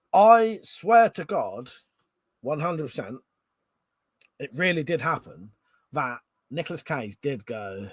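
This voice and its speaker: A man's voice: fairly high pitch, no room sound. A tipsy man hosting a casual livestream, reading viewer comments aloud, laughing often and swearing freely. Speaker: livestream host.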